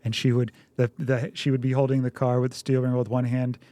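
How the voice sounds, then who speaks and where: Man telling lively stories on a podcast. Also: medium pitch, fast, no room sound. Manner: lively storyteller, acts out yelling quotes. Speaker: podcast co-host. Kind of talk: casual conversational podcast.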